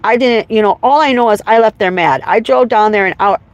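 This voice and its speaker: A woman's voice: medium pitch, a little fast, dry recording, muffled recording. A woman venting in an emotional, profane, rambling livestream monologue while driving. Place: inside a car, driving. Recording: car noise behind. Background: road and car noise.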